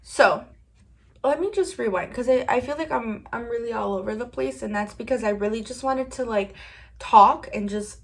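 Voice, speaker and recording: A woman's voice: on the high side, normal speed. A young woman vlogging in a rambling, candid way, with many "like"s, while she does her makeup at home. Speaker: beauty vlogger. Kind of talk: casual chat while doing makeup.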